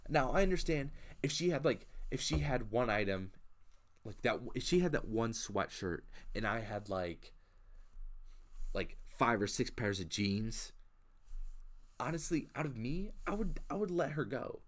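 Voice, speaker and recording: A man's voice: medium pitch, expressive, measured pace. A young man in casual conversation, ranting indignantly with lots of restarts and repetition. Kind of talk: casual chat.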